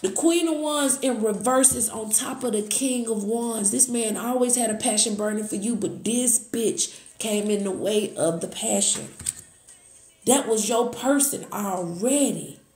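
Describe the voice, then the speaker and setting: A woman doing a live tarot reading, excitable, gasping and thanking viewers as she goes. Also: on the high side, measured pace. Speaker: tarot reader. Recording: echoey room.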